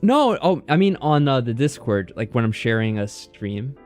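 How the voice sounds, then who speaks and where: A man's voice: medium pitch, sing-song, normal speed, darkish tone, faint music behind. A man hosting a game stream, chatting casually and reacting playfully aloud. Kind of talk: casual let's-play chat.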